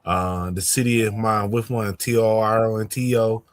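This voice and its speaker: A young man hosting a podcast in casual chat, laid-back and drawn-out with many fillers. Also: lowish voice, steady tone.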